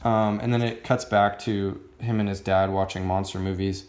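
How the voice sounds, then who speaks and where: A man with a fairly low voice casually reviewing a comic book. He rambles and hesitates, and fills his talk with "um" and "like". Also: flat delivery, moderate pace, darkish tone, roomy sound, a little hiss or hum. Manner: rambling, many fillers like "um" and "like".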